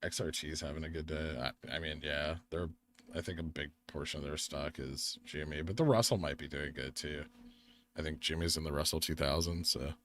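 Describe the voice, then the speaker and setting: A young American man with a very low voice hosts a live stream. He sounds tired and talks in a loose, rambling way, answering the chat as he goes through the charts. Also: steady tone, fairly quick, a bit bright. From United States. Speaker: livestream host.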